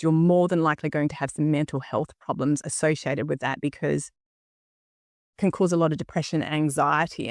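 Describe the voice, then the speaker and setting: Her voice sits low as this Australian podcast host in her fifties talks earnestly and candidly on her personal solo show. She peppers her speech with ums and "okay?" check-ins, and the studio recording is clean, with no echo.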